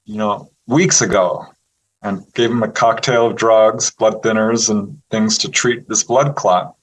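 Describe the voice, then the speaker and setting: A man, a guest on an interview show, telling stories in a casual, animated way, laughing often and acting out what people said. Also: fairly low pitch, measured pace, rough recording. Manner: animated storyteller who laughs often and acts out quotes. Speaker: interview guest, UFO researcher.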